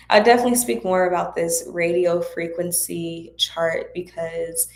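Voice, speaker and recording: A woman with a low voice hosts a spiritual Q&A livestream, offering casual spiritual guidance at a slightly slow pace. She is chatty and encouraging, addressing viewers directly, and the room sounds echoey.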